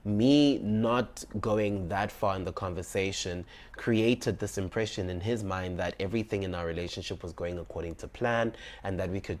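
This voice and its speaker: A young man, telling a personal story in an animated, dramatic way and acting out his own dialogue. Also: on the low side. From South Africa.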